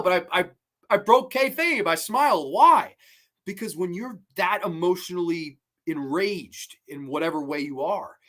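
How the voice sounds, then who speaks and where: A man hosting his own show, casually reviewing a horror film, excitable and swearing freely, with many fillers and repeated words. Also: on the high side.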